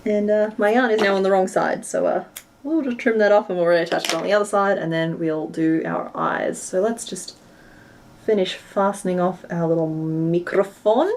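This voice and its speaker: A woman's voice: mid-range voice, moderate pace, a little mellow, a little hiss or hum. Young woman, West Australian accent; casual, self-deprecating live-stream chat while crafting. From Western Australia. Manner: chatty and self-deprecating, narrating her hands-on work. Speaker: crochet streamer.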